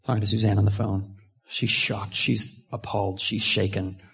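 A man preaching a sermon as a pastor, telling a personal story with lively swings between hushed asides and loud outbursts. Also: fairly low pitch, moderate pace, gravelly, slightly rough.

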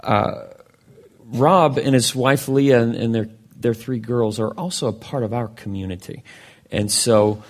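A man's voice: medium pitch, unhurried. A man introducing a guest speaker in church, then leading an earnest prayer. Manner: earnest, warm-hearted praying. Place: church sanctuary.

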